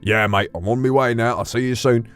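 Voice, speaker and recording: A man's voice: medium pitch, fairly even intonation, brisk, fairly bright tone, clean tone, faint music behind, close to an everyday voice. A man voicing an easygoing male shark with a put-on Australian accent, chummy and laid-back.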